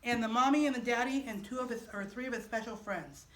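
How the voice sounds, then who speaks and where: A gentle, calm grown man who heals, put on by a woman telling the story. He speaks softly and slowly, as if reassuring someone frightened. The fairly high voice sounds distant and rings in an echoey room. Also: natural voice.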